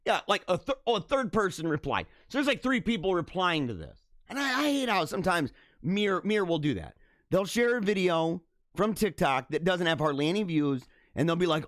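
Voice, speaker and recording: A man's voice: high voice, sing-song, brisk, a bit bright, no room sound, clean studio sound. A man hosting a casual livestream, rambling and laughing as he reads comments and mimics voices. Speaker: livestream host.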